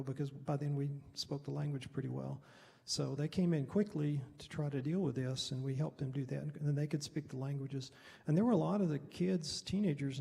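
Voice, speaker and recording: A man's voice: a little high, vocal fry, warm tone. A middle-aged man, a Baptist pastor, telling a mission story at a Bible study in a loose, rambling, conversational way. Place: church hall. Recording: reverberant hall.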